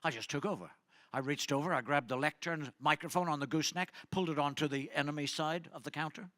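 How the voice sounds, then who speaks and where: Stand-up comic with a bright voice. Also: male voice, a little high, fast talker, no echo. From Ireland. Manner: rambling, chatty, teasing the audience. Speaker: stand-up comedian. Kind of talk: stand-up comedy set.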